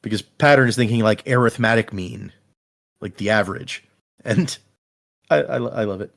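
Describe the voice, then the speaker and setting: A man's voice: on the low side, moderate pace, creaky. A man co-hosting a podcast, retelling a book's scenes in casual chat, full of "like" fillers. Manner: animated retelling, frequent "like" fillers. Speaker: podcast co-host. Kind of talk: casual book discussion chat.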